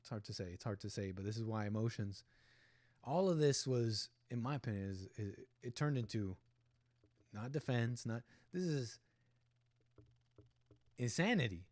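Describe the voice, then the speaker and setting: A man's voice: mid-range voice, lively intonation, moderate pace, pauses often, darkish tone, no echo. A man hosting a livestream, giving rambling, opinionated commentary on a video clip and talking back at the people in it. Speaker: livestream host.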